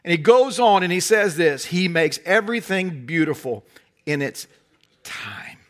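With a voice that sits high and a measured pace, a middle-aged North Carolinian with a Southern American accent delivers a sermon. Animated, folksy storytelling alternates with drops into soft intensity.

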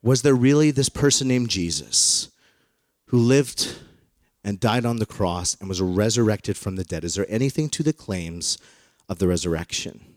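A man's voice: lowish voice, lively intonation, moderate pace, no echo, clean studio sound. A male pastor delivering a sermon to a congregation, talking in a conversational, storytelling way. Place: in front of a congregation.

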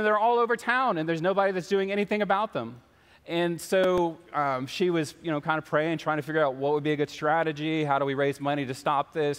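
A pastor preaching to his congregation, his voice sitting a little high for a man. He tells stories and slips into the voices of the characters. The sound carries a long reverb from a big church hall. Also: clean tone. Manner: storytelling, acts out the voices in his anecdotes. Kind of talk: sermon. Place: church sanctuary.

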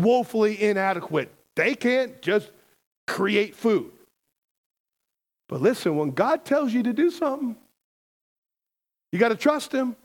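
A man preaching a sermon as a pastor, emphatic and conversational, often asking the congregation questions. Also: very high-pitched.

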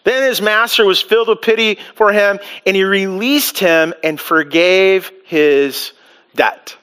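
A man preaching a sermon as pastor, animated, asking rhetorical questions and acting out the people in the story. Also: high-pitched, measured pace, clear, resonant tone.

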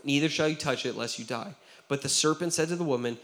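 Quick and a little high-pitched, this young pastor delivers an earnest, conversational sermon. He acts out the voices of people he quotes, keeps checking in with "right?", and lowers to a quiet tone when a story turns serious.

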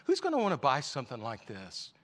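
A man's voice: mid-range voice, huge pitch swings, fast, a bit bright. A man voicing an incredulous woman friend at a charity auction, in a scoffing tone within a sermon story.

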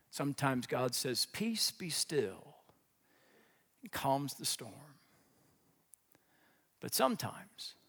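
A man preaching a sermon, telling a story with animated swings between loud bursts and hushed lines. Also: medium pitch, gravelly, big-room sound. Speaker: pastor.

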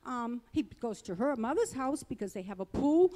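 A woman's voice: on the high side, very animated, normal speed, few pauses, mellow, big-room sound. A middle-aged woman giving a personal testimony at church, earnest and conversational, rambling a little as she talks. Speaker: church speaker.

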